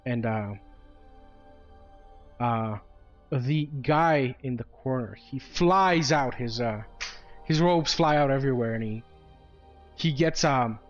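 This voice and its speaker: A man narrating as game master in a halting way, full of fillers and restarts, in a dull lo-fi recording. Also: mid-range voice, faint music behind.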